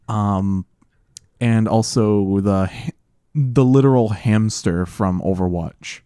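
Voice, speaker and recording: A man's voice: fairly low pitch, slow, warm tone, clean tone, no echo, clean studio sound. A young man co-hosting a casual podcast chat, rambling and restarting his sentences. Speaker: podcast co-host.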